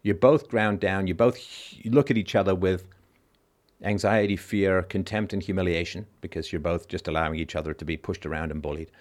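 A man hosts a call-in show, his voice low-pitched with fairly even intonation and a brisk pace. He delivers an emphatic philosophical monologue, repeating key lines for stress and briefly mocking other people's reactions in put-on voices.

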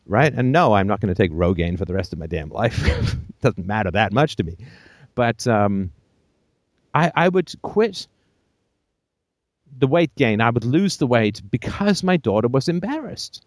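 A man's voice: mid-range voice, very animated, normal speed, no echo, studio quality. A man hosting a call-in show, giving blunt, emphatic advice full of profanity and jokey asides.

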